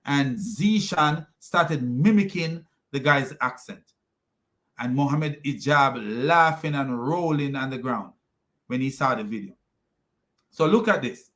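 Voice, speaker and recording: A man's voice: medium pitch, lively intonation, takes it slowly, fairly bright tone. A man with a foreign accent giving scornful reaction commentary on videos, laughing often as he mocks. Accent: non-native English.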